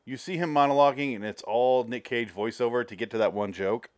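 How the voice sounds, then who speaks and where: Guy chatting about movies, dry close sound, animated, acts out scenes, swears a lot. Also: medium pitch, brisk, no room sound. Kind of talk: casual movie discussion.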